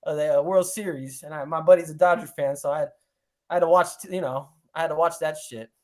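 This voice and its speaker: A man's voice: on the high side, fast. A man co-hosting a casual podcast, telling stories with acted-out quotes and lots of swearing. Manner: animated storyteller, acts out quotes, swears a lot. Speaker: podcast co-host. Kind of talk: casual chat.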